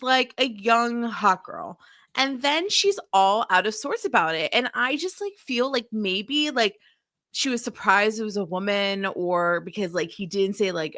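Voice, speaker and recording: A woman co-hosting a podcast, talking in an animated, exasperated rush with lots of fillers and casual swearing. Her voice is bright and forward, and the sound is dry and close with almost no room around it. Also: a little high, no room sound. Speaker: podcast co-host. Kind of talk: casual chat.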